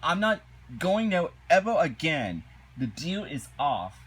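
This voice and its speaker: A man's voice: fairly high pitch, sing-song, unhurried, fairly bright tone, husky, pitched above the performer's own voice, full character voice. A man doing a raised voice for a rude, dismissive male fish customer from a cartoon. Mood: scornful. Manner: blunt and scornful.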